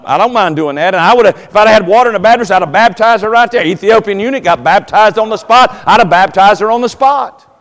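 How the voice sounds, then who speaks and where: A man preaching a sermon as pastor, telling folksy stories and rising to loud, emphatic preaching. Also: high voice, long reverb tail. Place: church sanctuary.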